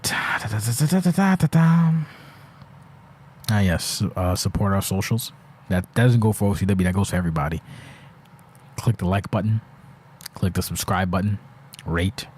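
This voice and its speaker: A man's voice: fairly low pitch, darkish tone. A man hosting a solo podcast, rambling and ranting with lots of swearing, restarts and searching for words. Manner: rambling, profane, exasperated ranting with frequent restarts. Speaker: podcast host.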